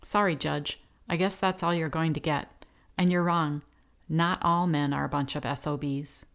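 A woman voicing a polite, sweetly persuasive young woman, in her own low voice. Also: steady tone, moderate pace. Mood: sweet coaxing. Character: calm sweet-talking young blonde woman.

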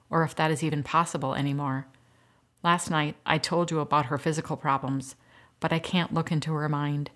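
A woman reading the lines of a tired male doctor, speaking in a grave, measured way. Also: fairly high pitch, fairly bright tone. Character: weary male small-town doctor.

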